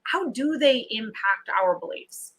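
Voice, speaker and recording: A woman's voice: a little high, lively intonation, unhurried, a bit bright. A woman hosting a book club interview, asking questions in an engaged, conversational way. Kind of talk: casual interview chat.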